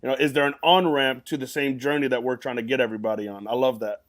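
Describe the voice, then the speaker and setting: A man's voice: mid-range voice, steady tone, quick pace, fairly bright tone. A man hosting a casual conversation, affirming his guest and thinking aloud in images. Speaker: host.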